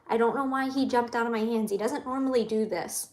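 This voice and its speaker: A woman's voice: fairly high pitch, moderate pace. A woman hosting a casual late-night live stream, chatting to viewers and cooing to her pet rabbits. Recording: roomy room with faint noise.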